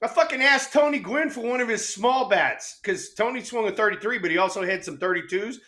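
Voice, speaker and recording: A man's voice: sits high, a little fast, pushed and bright. A man co-host telling baseball stories in a brash, profane, emphatic way. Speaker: podcast co-host, former ballplayer. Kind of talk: casual storytelling.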